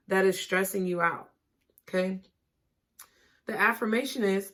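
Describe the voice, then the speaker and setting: A woman giving a tarot reading, talking gently and reassuringly and often checking in with "okay?". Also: mid-range voice, normal speed, long pauses. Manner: casual, laughing and swearing at times. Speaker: tarot reader.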